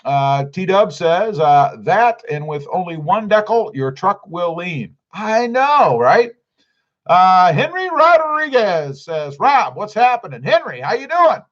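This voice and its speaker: A livestream host with a high-pitched, fairly bright voice speaks slowly with big pitch swings, reading viewer comments aloud and answering each one. The stream is casual, and the sound is lo-fi.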